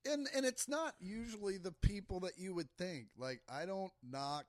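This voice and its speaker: A man's voice: high-pitched, normal speed, no echo, studio quality. A man from the Kansas City area, a comedian guest on a podcast, swearing and laughing through casual chat. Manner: loud and laughing, swears often, acts out quotes.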